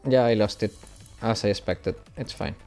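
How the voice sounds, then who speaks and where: Mellow Italian-accented man streaming games. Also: on the low side, moderate pace, faint music behind. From Italy. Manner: chatty, answers viewers, laughs often. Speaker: gaming streamer. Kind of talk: casual live-stream chat.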